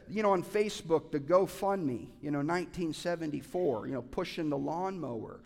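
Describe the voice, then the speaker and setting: A male pastor preaching a sermon with passion, swinging from loud urging to quiet asides. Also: fairly high pitch, animated, normal speed, creaky, few pauses. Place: church sanctuary. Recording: hall reverb.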